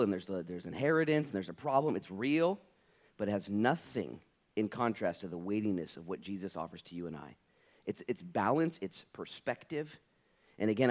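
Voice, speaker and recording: A male pastor preaching a sermon in an animated, conversational and playful way. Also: lowish voice.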